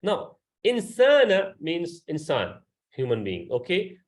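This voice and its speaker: A man's voice: fairly high pitch, huge pitch swings, slow pace. A man teaching a Quran class, patiently explaining grammar and quizzing his students. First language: Urdu.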